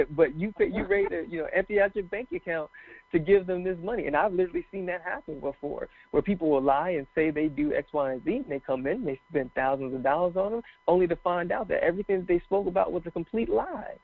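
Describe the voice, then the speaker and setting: A somewhat high-voiced man talks with earnest passion as a guest on a call-in radio show. He comes through a tinny phone line with a dry, close sound. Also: quick pace, vocal fry, no echo. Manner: earnest, passionate, tells stories with acted quotes. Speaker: guest motivational speaker. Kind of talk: casual interview talk.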